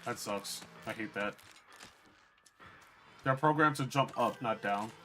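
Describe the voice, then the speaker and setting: A man's voice: on the low side, slow pace, sharp tone, slight background noise. A young man streaming a video game, chatting bluntly and with swearing to his viewers as he plays. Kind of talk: casual gameplay commentary.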